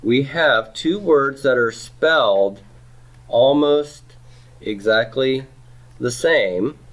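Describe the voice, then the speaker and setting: A man's voice: medium pitch, takes it slowly, fairly bright tone. Patient man lecturing on Hebrew grammar. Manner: patient, checks in with "okay?" and "right?". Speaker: Hebrew teacher. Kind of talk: classroom lecture.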